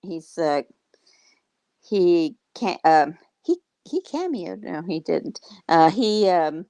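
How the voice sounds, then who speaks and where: A woman hosts a casual livestream and chats with her viewers. She talks in an unhurried, teasing, rambling way, with lots of fillers. Her voice is smooth and clear, recorded dry and close. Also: lowish voice, animated, mellow, no echo. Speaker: livestream host.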